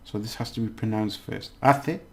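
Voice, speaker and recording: Male tutor, casual and patient, slow delivery, gravelly tone, overpronounces example words. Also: lowish voice, a little mellow. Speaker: language teacher. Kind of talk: casual spoken language lesson.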